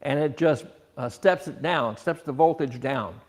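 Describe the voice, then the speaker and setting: A man's voice: on the high side, unhurried, darkish tone. A man teaching an automotive technical seminar, explaining scope patterns with rhetorical questions and frequent restarts.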